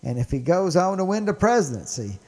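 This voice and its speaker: A man's voice: high voice, very animated, brisk, a little mellow, big-room sound. A man with a Mississippi accent hosting a show and talking politics with emphatic enthusiasm. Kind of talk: political commentary.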